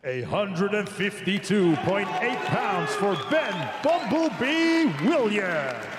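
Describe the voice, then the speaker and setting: A male ring announcer calling out fighters and weights with drawn-out, booming name calls at a live weigh-in. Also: big pitch swings, a loud crowd. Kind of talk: event announcing. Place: large indoor event venue. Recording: echoey hall with loud background noise.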